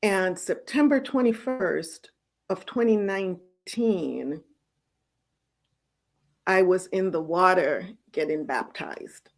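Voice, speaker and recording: A middle-aged woman host telling her personal faith story in an earnest, storytelling way, with soft laughs now and then. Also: lowish voice, slow. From United States. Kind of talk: personal testimony.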